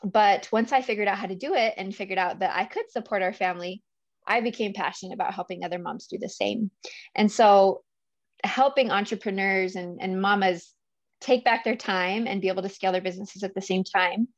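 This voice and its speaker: A woman's voice: mid-range voice, brisk, dry recording, highs cut off. A woman speaking as a guest coach in a casual interview, earnest and emotional, often laughing as she talks. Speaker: guest, business coach for mothers.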